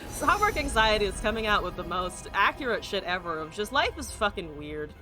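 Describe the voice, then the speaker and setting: A woman's voice: mid-range voice, big pitch swings, brisk, over music. A woman streamer ranting with exasperation while playing a card game, swearing and firing off rhetorical questions.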